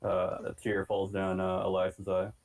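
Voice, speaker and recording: Man, player, lowish voice, halting speech full of fillers, tabletop game. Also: completely flat delivery, poor audio. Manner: hesitant, many fillers. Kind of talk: playing a character in a tabletop game.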